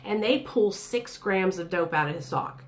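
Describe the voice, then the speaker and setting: A woman's voice: medium pitch, normal speed, a little hiss or hum. A woman in her thirties telling her own story in casual, blunt, profane speech, acting out the voices of others. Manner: blunt, profane, animated, acts out quoted voices.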